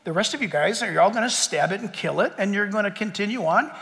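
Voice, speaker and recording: A male pastor delivers a sermon in a large church hall, his voice unusually high and sharply bright. He swings between emphatic near-shouts and low, hushed asides. A long reverb trails behind every phrase. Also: lively intonation, quick pace, creaky.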